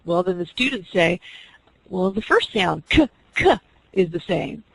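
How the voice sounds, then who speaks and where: A woman's voice: fairly low pitch, unhurried, vocal fry, breathy edge, no echo, rough recording. A woman teaching an online class, explaining reading skills step by step and acting out teacher and student examples. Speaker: teacher educator.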